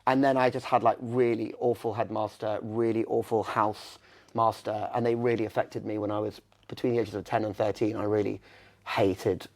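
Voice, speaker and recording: A man's voice: lowish voice, level tone, moderate pace. A young man, a guest in an interview, telling candid stories with lots of fillers and restarts. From England. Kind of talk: conversational storytelling.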